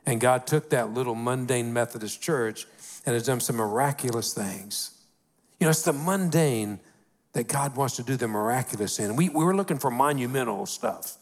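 Folksy pastor preaching a sermon. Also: male voice, medium pitch. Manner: folksy, peppered with "you know", slows down to stress key phrases. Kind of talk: conversational sermon.

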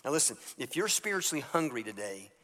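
A man's voice: mid-range voice, very animated, fast, pushed and bright. A man preaching a sermon as pastor, telling Bible stories in a casual way and acting out the characters' lines. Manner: storytelling, acts out biblical characters in a casual voice. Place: church sanctuary. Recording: church hall reverb.

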